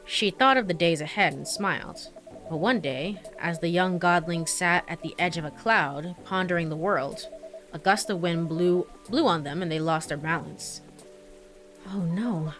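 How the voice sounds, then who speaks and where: A woman's voice: fairly low pitch, normal speed, a bit bright. A young woman streaming a game, reading its story aloud with giggles, stumbles over names and chatty asides. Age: young adult. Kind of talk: let's play, reading game text aloud. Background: faint game music.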